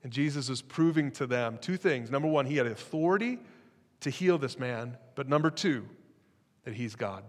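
A man preaching a sermon as pastor, in a lively, conversational way with jokes. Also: medium pitch, moderate pace, in a large hall.

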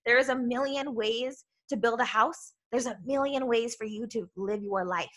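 A loud, bubbly woman gives a motivational podcast talk as a self-love coach. Her voice is bright and a little high, and she keeps checking in with her listeners with a quick "right?". The tone stays earnest and encouraging throughout. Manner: earnest, with many "right?" tags.

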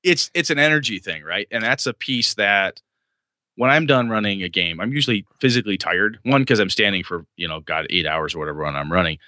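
A man hosting a casual talk about running tabletop games, animated and laughing, acting out scenes and swearing freely. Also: lowish voice, brisk, dry recording, studio quality. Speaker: podcast host and game master.

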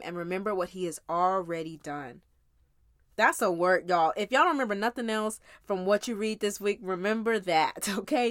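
A woman's voice: medium pitch, a bit bright, no echo, clean studio sound. A woman casually recapping a week's Bible reading as a teacher, talking in a conversational, emphatic way and speaking straight to her listeners.

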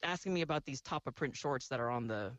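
A woman's voice: a bass voice, expressive, quick pace, dry recording. A woman radio DJ chatting casually in an interview, laughing often and mimicking voices as she tells stories. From San Francisco Bay Area.

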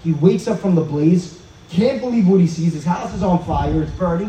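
A man giving an inspirational talk at an outdoor evening gathering, telling stories in an animated way and acting out the dialogue. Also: sits high, moderate pace, very noisy. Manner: animated storyteller who acts out quoted dialogue. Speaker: speaker at a religious event. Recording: roomy, dull sound from a distance.

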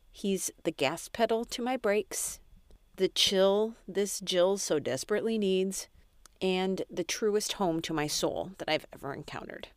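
A woman's voice: lowish voice, no echo. A woman hosting a podcast, telling her own story in a candid, self-deprecating way and talking straight to her listeners. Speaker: podcast host.

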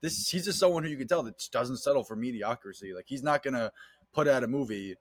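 A man in relaxed film-podcast chat who speaks at a fast clip, voice sitting at an ordinary middle pitch. His delivery is excitable and loose with cursing, and the recording is close and dry with no room sound. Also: dry recording. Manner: rapid, profane, excitable, acts out quotes. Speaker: podcast co-host.

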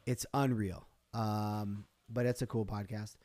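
A man's voice: on the low side, little pitch movement, measured pace, a little mellow, dry recording. A man hosting his own podcast on a live stream, talking casually and rambling with fillers and restarts. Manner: rambling, chatty, self-interrupting with fillers. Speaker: podcast host.

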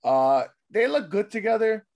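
A man with a voice gone hoarse, casually recapping a wrestling show with a friend, swearing freely and mimicking people in quick bits. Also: high-pitched, sing-song, darkish tone. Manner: loose, profane, mimics people in quick bits, trails off mumbling. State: losing his voice. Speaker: podcast host recapping wrestling. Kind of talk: casual chat.

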